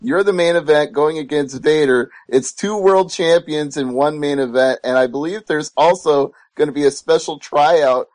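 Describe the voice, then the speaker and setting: A man's voice: on the high side, normal speed, few pauses, a little mellow, no echo. Upbeat male radio interview host. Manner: upbeat, laughs easily. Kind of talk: interview hosting.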